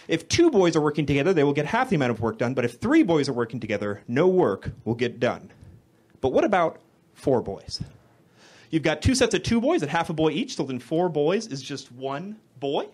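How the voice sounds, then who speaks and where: A young man doing a stand-up set on a comedy club stage into a handheld mic, awkward and deadpan, correcting himself and at times building into shouted rants. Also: on the high side, brisk, breathy edge. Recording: live club recording with crowd laughter.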